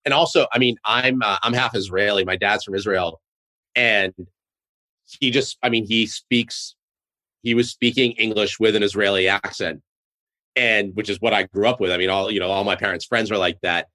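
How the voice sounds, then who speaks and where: A man's voice: on the low side, fairly even intonation, normal speed, bright, forceful tone. A man from Boston, a show co-creator, chatting eagerly in an interview with lots of "like" fillers. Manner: chatty, filler-heavy, enthusiastic. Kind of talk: casual interview chat.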